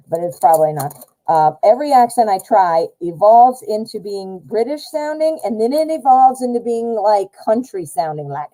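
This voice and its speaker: A woman's voice: medium pitch, lively intonation, moderate pace, warm tone, low-quality recording. An American woman hosting a casual live tarot stream, chatty with lots of fillers and self-corrections.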